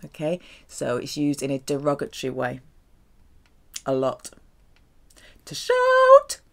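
A woman's voice: a bass voice, creaky. A woman teaching French, carefully saying each example and explaining its meaning. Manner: slow, careful, lively delivery with drawn-out French examples. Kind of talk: language lesson.

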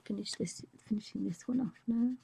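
Soft, husky woman teaching drawing. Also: medium pitch, a little fast. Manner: soft-spoken, often half-whispered while working. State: voice a bit squeaky and rough. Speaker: art tutorial host. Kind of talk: live drawing tutorial.

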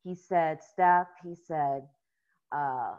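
An American woman, a guest in a casual interview, telling stories in an animated way and laughing often. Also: low voice, extremely slow, highs cut off. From United States.

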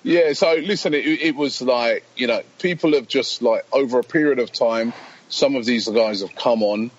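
Appearing as a guest on a podcast, a man who founded a fan channel chats casually, meandering through anecdotes, quoting others, and laughing frequently. His medium-pitched voice moves at a moderate pace, and the sound is lo-fi.

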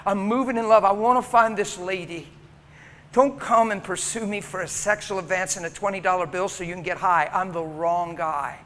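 High-voiced preacher in a reverberant hall. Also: male voice, moderate pace. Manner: animated, acts out dialogue, emotional. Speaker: pastor. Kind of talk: storytelling sermon. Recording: reverberant hall with faint noise.

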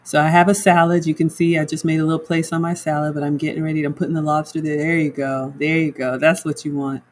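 A woman's voice: low-pitched, flat delivery, fast talker, a little mellow, slight background noise, rough recording. A woman home cook chatting casually on a livestream, walking viewers through her cooking and reading their comments aloud.

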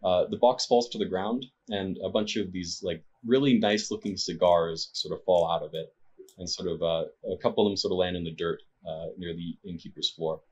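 A man narrating a tabletop game as game master, with a very low, husky voice. He hesitates often and fills his pauses. The recording sounds dull and lo-fi. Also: darkish tone. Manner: hesitant, many fillers.

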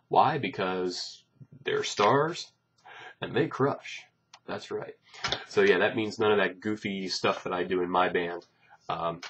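Man, low voice, husky tone, casual rambling gig update, joking asides, muffled lo-fi sound. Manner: rambling, joking, many fillers. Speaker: bassist announcing gigs. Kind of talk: casual chat to camera.

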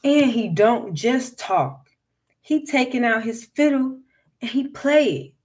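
A woman's voice: fairly high pitch, expressive, slow pace, darkish tone, voice pushed up. A woman reading a folktale aloud and voicing an earnest, eager enslaved man who talks too much.

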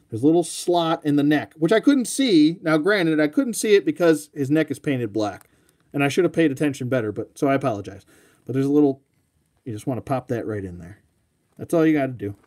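With a mellow, medium-pitched voice, a man hosts a live showcase of his toy collection. His talk is casual, rambling and self-mocking, and he speaks to his dog along the way.

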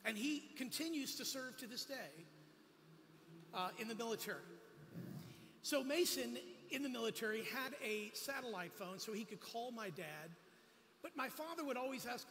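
In a sermon, a guest preacher with a high, bright male voice mixes personal stories with quick jokes on the side. The long reverb of a church sanctuary surrounds him, and there's faint noise underneath.

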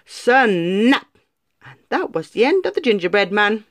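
Expressive woman reading a children's story. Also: medium pitch, measured pace, dry recording, clean studio sound. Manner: expressive, lively.

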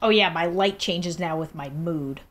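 A woman giving casual, animated gameplay commentary on her own game, mock-nervous and self-deprecating. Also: fairly low pitch, unhurried.

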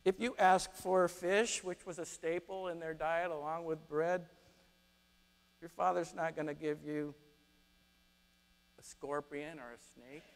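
A man preaching a sermon, telling stories with lively acted-out quotes. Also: on the high side, measured pace, gravelly, long pauses. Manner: animated storytelling, acts out quotes. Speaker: pastor. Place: church sanctuary. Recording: long reverb of a church hall.

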